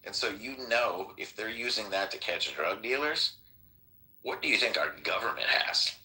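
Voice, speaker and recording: A man with a very low voice tells a long rambling story on a casual podcast. He acts out the quoted lines and swears freely, and his tone is bright and sharp. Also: lively intonation, normal speed, poor audio. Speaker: podcast host.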